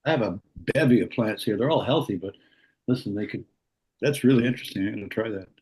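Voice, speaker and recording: Rambling man clearing his throat on a call. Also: fairly low pitch, fast, a little mellow, rough recording. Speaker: caller on a video call. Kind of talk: casual testimonial. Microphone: video call.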